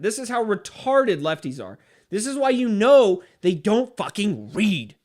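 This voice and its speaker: A man's voice: high-pitched, big pitch swings, measured pace, darkish tone. A man hosting a livestream, reading chat and ranting in a profane, fired-up way. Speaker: livestream host.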